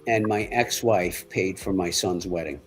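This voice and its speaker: A middle-aged man, telling stories in a halting, rambling way in casual chat. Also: deep voice, soft background music, poor audio. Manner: rambling, halting storyteller with many restarts. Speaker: livestream co-host.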